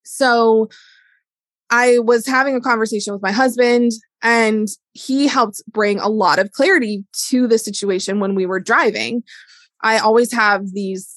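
Middle-aged woman, a touch high, solo podcast talk, candid and chatty, dry close sound. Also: steady tone, a little slow, fairly bright tone, dry recording. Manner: candid, chatty, heavy use of "like". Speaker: wellness educator and business owner. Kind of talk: casual solo podcast monologue.

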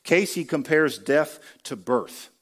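A man's voice: fairly high pitch, slow pace. A man giving a sermon in a conversational preaching style, asking the congregation rhetorical questions. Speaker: pastor.

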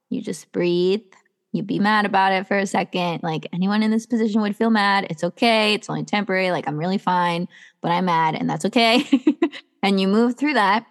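A woman guest on a podcast who coaches people in self-love. She talks in a casual, earnest, encouraging way and keeps slipping in "like". Her voice sits at an ordinary middle pitch. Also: moderate pace. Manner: earnest and encouraging, many "like" fillers.

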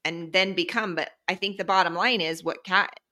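A woman co-hosting a podcast, who talks in an animated, emphatic and blunt way and has children. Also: on the low side, moderate pace. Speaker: podcast co-host. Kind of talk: casual chat.

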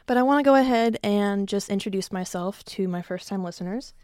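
A woman's voice: medium pitch, fairly quick, a little mellow, no echo, clean studio sound. A young adult woman hosting her own podcast from her basement, chatty and self-mocking, swearing freely and short of breath. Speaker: podcast host. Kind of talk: casual solo podcast chat. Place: home basement.

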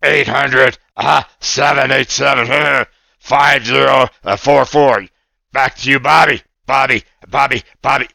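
A man's voice: mid-range voice, steady tone, measured pace, creaky, sharp tone, no room sound, exaggerated voice. A man doing an eager, gushing puppet boy. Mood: excited. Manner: gushing, eager, keeps jumping in. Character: excitable earnest young male puppet friend. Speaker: puppet co-host. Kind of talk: puppet role-play on a radio show.

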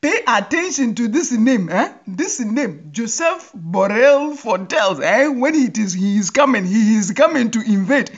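Laughing, animated woman. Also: on the high side, unhurried, few pauses, slightly rough. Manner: laughs often, teasing and animated. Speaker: podcast host. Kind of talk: humorous commentary monologue. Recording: dull lo-fi recording.

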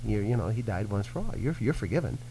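A man's voice: fairly low pitch, fast talker, a little hiss or hum, poor audio. A man speaking as a Christian minister, teaching earnestly in conversation and acting out quoted voices. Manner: earnest, animated preaching with acted-out quotes. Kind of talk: teaching in a radio-style conversation.

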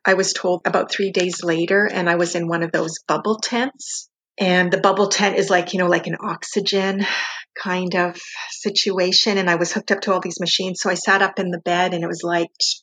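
A woman's voice: fairly low pitch, a bit bright, husky. A woman guest in an interview, recounting a personal experience in an earnest, reflective way with frequent "like" fillers.

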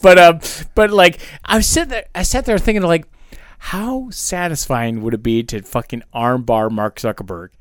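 In a clean studio recording with no echo, a man with a fairly high voice talks at a moderate pace as a podcast co-host. The chat is casual and rambling, full of laughter and free swearing.

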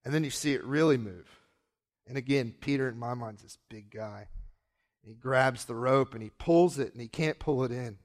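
A man's voice: medium pitch, normal speed. A man preaching a sermon, retelling a story and acting out the characters' lines in different voices.

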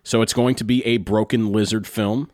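A man's voice: on the low side, steady tone, normal speed, a little mellow, no room sound, clean studio sound. A man co-hosting a podcast, giving opinionated casual talk about comedy films with fillers. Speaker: podcast co-host. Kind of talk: casual movie discussion.

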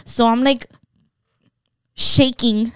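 A young woman tells a story in casual vlog style. She swears freely and acts out the voices she quotes with animated energy. Her voice is smooth and clean, recorded dry and close to the mic. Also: a little high, very slow, no room sound.

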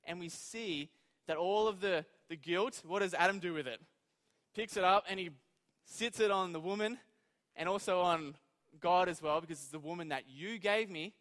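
A high-pitched male preacher gives a relaxed, conversational sermon. He keeps turning questions back to the people listening. His voice rings out with a long reverb from a church hall. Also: normal speed. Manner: informal, asks the audience questions.

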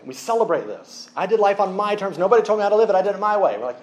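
A man preaching a sermon, lively and joking with the congregation. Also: high-pitched, very fast, hardly any pauses. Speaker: pastor.

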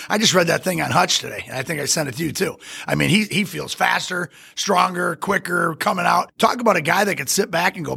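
A man who coached high school football, chatting on a podcast in an excitable, rambling way with many restarts. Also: fast, gravelly, hardly any pauses, slightly rough. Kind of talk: casual podcast chat.

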